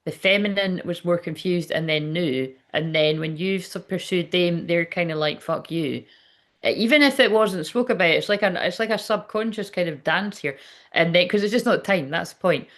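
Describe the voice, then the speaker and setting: A woman's voice: on the low side, moderate pace. Swearing, rambling woman reading tarot. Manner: chatty and rambling, swears freely, many fillers. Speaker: tarot reader. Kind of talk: casual spoken tarot reading.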